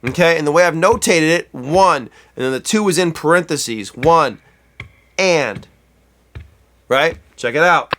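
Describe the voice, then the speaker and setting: This guitar teacher speaks at a fairly high pitch, sounding expressive, unhurried and a little bright. His lesson is casual and talkative, full of self-corrections, and he counts beats aloud as he plays.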